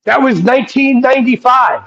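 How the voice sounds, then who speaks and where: A man being interviewed as a guest rapper, telling excited, rambling anecdotes full of profanity. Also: very high voice, fairly quick, a crowd in the background. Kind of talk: casual interview storytelling. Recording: dull lo-fi audio.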